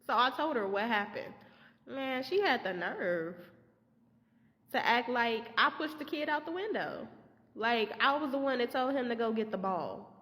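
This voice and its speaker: Young woman, casual storytime, animated, swears freely, slightly high voice, reverberant room. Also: moderate pace. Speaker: substitute teacher telling a story.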